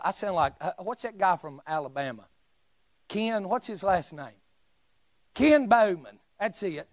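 A man preaching a sermon in a church, shouting emphatic lines and dropping into joking asides. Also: fairly high pitch, lively intonation, measured pace, pauses often, no room sound. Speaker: pastor. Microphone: live stream mic.

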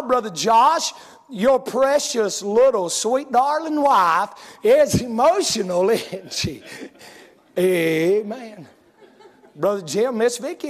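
A male preacher with a strikingly high-pitched voice. He tells homespun stories to his congregation in a folksy way and works up to loud hollering. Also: in a large hall. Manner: folksy storytelling, rising to hollering. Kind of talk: sermon.

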